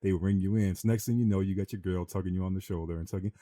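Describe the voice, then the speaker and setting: A man hosting a podcast, telling animated, slangy stories and acting out other people's voices. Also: deep voice, racing, no echo, clean studio sound. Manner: animated, slangy storyteller who acts out voices. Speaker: podcast host. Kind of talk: casual storytelling chat.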